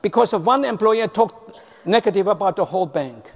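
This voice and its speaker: A man with a high, gravelly voice gives a motivational talk on customer service, telling it as a story. He repeats words for emphasis and speaks with non-native phrasing. His voice rings with the long reverb of a large hall. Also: expressive, a little fast.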